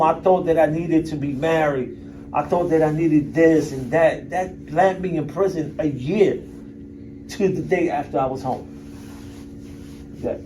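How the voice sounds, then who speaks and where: A man's voice: a little high, dark tone. A man in his fifties speaking as a guest speaker at a university event. He talks candidly and bluntly to the audience and swears casually. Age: 50s. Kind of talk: candid personal talk to an audience. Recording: distant mic with faint background noise.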